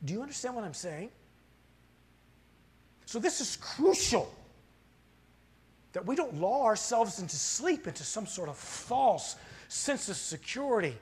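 A middle-aged man preaches as pastor in a church sanctuary, his high, sing-song voice a little slow, breathy at the edges, and marked by long pauses. Rhetorical questions go out to the congregation as he builds to fiery, impassioned heights.

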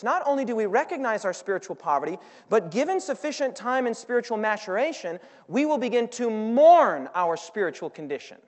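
Male preacher, high voice, dynamic sermon delivery with call-outs to the congregation, long hall reverb. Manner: dynamic, swings between loud and quiet; asks the audience for responses. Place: large hall with audience.

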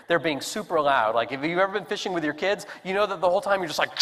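A man preaching a sermon as pastor, telling the story with animated voices for the characters. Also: high voice, quick pace, hardly any pauses. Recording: long hall reverb.

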